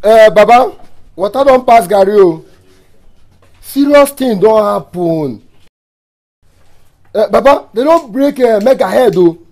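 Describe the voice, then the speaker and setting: An excitable vigilante with a very high voice and a Nigerian Pidgin accent. His pitch bounces around a lot as he talks. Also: measured pace, long pauses. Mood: urgent. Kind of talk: Nollywood film acting.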